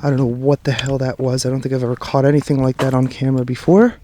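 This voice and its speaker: A jittery man talks into a handheld camera as he hurries through a forest at night. His voice is dark and mellow, often dropping to a mutter between sighs. Faint outdoor noise and rattling sit behind him. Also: mid-range voice, fairly even intonation, fast, few pauses. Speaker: paranormal vlogger. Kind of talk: nervous first-person vlog narration. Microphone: handheld camera mic while walking.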